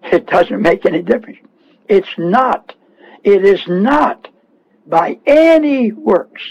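A man's voice: high-pitched, lively intonation, slow, a little mellow, poor audio. A man preaching a fervent radio sermon, scolding and repeating himself as he presses his points.

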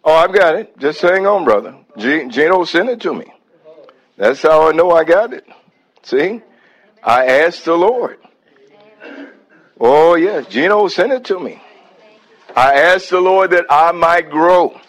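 A man's voice: a little high, expressive, a little slow, long pauses, poor audio. A man preaching a sermon, breaking into calls of praise and reading a hymn aloud.

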